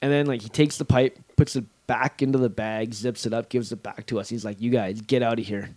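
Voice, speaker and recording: A man from Canada telling a travel story casually on a podcast, animated and full of "like". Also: mid-range voice, fairly quick. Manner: animated anecdote telling with lots of "like". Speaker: podcast co-host.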